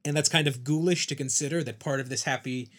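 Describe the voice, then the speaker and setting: A man's voice: medium pitch, quick pace. A man co-hosting a podcast, talking through a TV series thoughtfully and often restarting his sentences. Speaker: podcast co-host. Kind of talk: casual chat.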